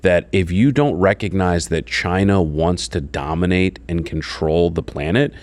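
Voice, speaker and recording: A man's voice: sits low, measured pace, a little mellow, no room sound. A man, a lawyer guest on a political talk show, speaking bluntly with jokes and swearing. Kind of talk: political commentary chat.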